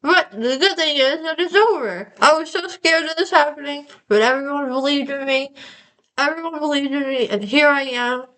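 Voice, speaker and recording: Numb-mouthed young woman rambling, high voice. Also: moderate pace, fairly bright tone, poor audio. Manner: rambling, self-mocking, breaks into laughs. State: numb mouth after dental surgery. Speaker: vlogger. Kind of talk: casual vlog monologue.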